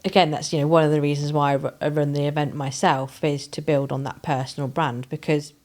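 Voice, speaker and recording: A woman's voice: low voice, fairly quick. A woman who runs a business and hosts networking events, talking as a guest in a casual interview, laughing often and stressing her points. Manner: laughs often, emphatic and lively when agreeing.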